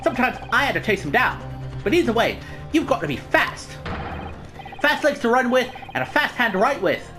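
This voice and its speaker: A woman's voice: a little high, sing-song, normal speed, over music, pitched above the performer's own voice. Woman doing a chirpy young newsboy reporter. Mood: eager. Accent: slight put-on British.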